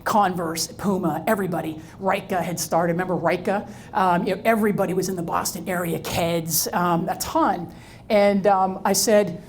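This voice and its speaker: A woman's voice: lowish voice, moderate pace, slight background noise. A middle-aged woman giving a live talk, telling stories, acting out dialogue and asking the audience questions. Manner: lively storyteller who acts out dialogue and quizzes the audience. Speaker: speaker.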